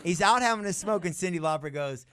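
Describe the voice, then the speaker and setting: A middle-aged man, a guest musician, animatedly telling stories in an interview and acting out quotes in a higher voice. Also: expressive, quick pace, a bit bright, clean tone. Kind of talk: interview storytelling. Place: radio studio.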